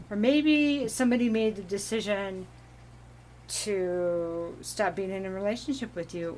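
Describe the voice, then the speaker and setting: A woman giving a casual, meandering tarot reading at home, giggling now and then and clearing her throat from allergies. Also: mid-range voice, darkish tone, slight background noise. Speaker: tarot reader.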